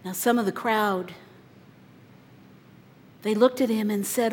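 A woman preaching a sermon, telling the story dramatically, her voice swelling loud and dropping soft. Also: mid-range voice, slow pace, a little hiss or hum. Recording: long reverb in a large hall.

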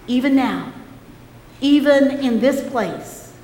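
A woman's voice: sits high, unhurried, a little mellow, a little hiss or hum. A woman preaching a sermon, speaking emphatically and calling on the congregation to respond. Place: church sanctuary. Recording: echoey church hall.

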